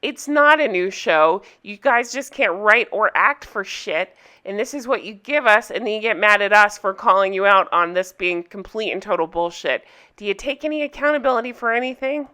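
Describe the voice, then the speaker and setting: A woman's voice: mid-range voice, animated, moderate pace, sharp tone. A woman hosting a casual commentary vlog, ranting bluntly and swearing freely, with a sarcastic edge. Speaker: YouTube commentary host.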